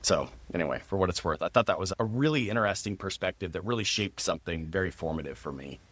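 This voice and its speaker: A man in his thirties hosts a podcast, telling a personal story in a lively, casual manner. His voice sits low, he talks fast, and he laughs often.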